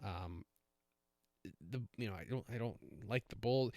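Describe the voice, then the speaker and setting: A man's voice: fairly low pitch, a little fast, a little mellow, no echo, studio quality. A man hosting a casual solo podcast, rambling with many fillers and self-corrections. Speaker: podcast host.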